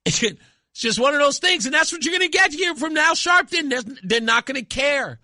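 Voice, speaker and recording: Animated, sarcastic radio host man. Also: extremely high pitch, normal speed, no room sound, clean studio sound. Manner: sarcastic, mocking, laughs at own jokes. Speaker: radio talk show host. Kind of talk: talk radio monologue.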